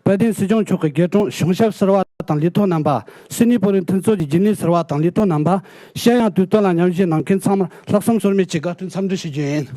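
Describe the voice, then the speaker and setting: A man who leads a community gives a measured, formal address to an audience. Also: high voice, mellow, no echo. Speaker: community leader.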